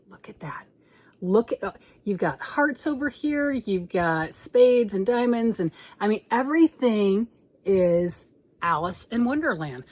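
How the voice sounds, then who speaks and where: Chatty excited woman showing her crochet. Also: mid-range voice. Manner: chatty and excitable, drops to whispers. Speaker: crochet channel host. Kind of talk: casual show-and-tell chat.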